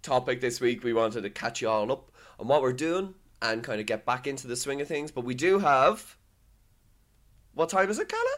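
A man's voice: medium pitch, lively intonation, moderate pace, a bit bright. A young Irishman from co-hosting a podcast, chatting casually, laughing often and swearing freely. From Ireland. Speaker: podcast co-host. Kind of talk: casual chat.

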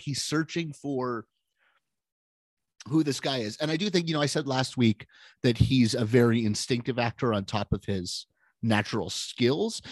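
A man's voice: mid-range voice, dry recording. Analytical male podcaster, dry close sound. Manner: analytical, confident opinions. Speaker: podcast co-host. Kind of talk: casual film discussion.

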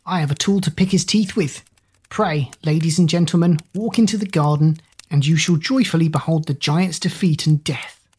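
A storyteller voicing a bold, cheeky young male hero who talks brisk and mocking. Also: medium pitch, a little mellow, husky, lightly acted. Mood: defiant.

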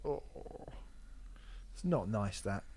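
A man's voice: fairly low pitch, expressive, slow pace, warm tone, a little hiss or hum. A man on a podcast, casually chatting about an album, sweary and sarcastic, laughing often. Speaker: podcast co-host. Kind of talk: casual chat reviewing an album.

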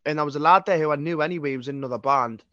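A man's voice: on the high side, rapid-fire, sharp tone, no room sound. Sweary young Geordie man, dull dry sound. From North East England. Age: 20s. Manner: sweary, rambling, frequent restarts. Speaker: singer-songwriter guest. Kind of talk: casual interview chat.

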